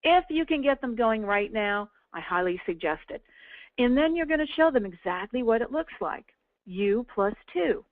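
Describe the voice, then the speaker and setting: Brief: upbeat woman team leader, higher voice, dry tinny phone-like sound. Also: lively intonation, normal speed, dry recording. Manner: upbeat, chatty, coaching tone with frequent "okay?". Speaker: team leader presenting a business tool. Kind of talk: casual webinar walkthrough.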